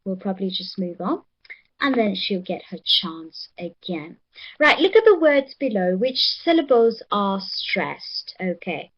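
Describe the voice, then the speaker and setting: A woman teaching an English pronunciation lesson, encouraging and repeating words slowly for the class. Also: medium pitch, sing-song, highs cut off.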